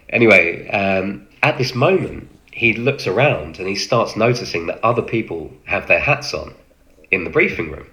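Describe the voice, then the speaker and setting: A man casually recounting an anecdote from working as an extra on a film set, halting with many fillers and acting out quoted lines. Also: low voice, expressive, pushed and bright.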